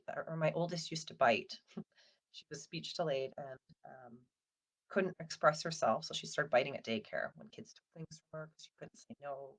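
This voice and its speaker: A woman in her thirties, a counsellor, giving a casual, gentle talk to parents in a chatty way, full of "like" and "um". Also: sits low. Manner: conversational, with frequent fillers like "like" and "um".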